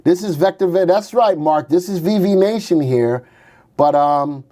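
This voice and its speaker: A warm, somewhat high male voice, unhurried, leads a casual stock market show through its charts. Between jokes with his co-host, he wisecracks and slips into silly voices.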